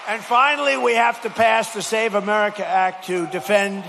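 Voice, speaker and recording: Gravelly man giving a rambling rally speech. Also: high-pitched, fairly even intonation, normal speed, a bit bright, some chatter behind, a little hiss or hum. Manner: rambling, repetitive, emphatic. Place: large hall at a high school. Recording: long hall reverb.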